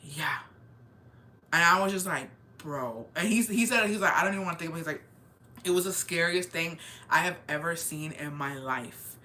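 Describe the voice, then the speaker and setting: A young woman casually telling a scary story, animated and slangy, swearing and slipping into Spanish now and then. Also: lowish voice, a little fast. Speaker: storyteller vlogger.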